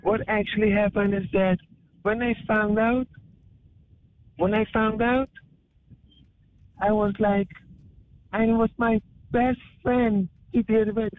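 A woman's voice: medium pitch, steady tone, slow, pauses often, dry recording. A woman calling in to a radio show, telling hesitantly of heartbreak. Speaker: caller. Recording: tinny phone line.

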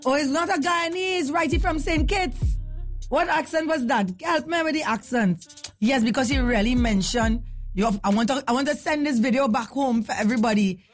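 Lively, high-voiced woman hosting a morning radio show, casual chat over faint music. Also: normal speed. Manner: lively, chatty, laughs often.

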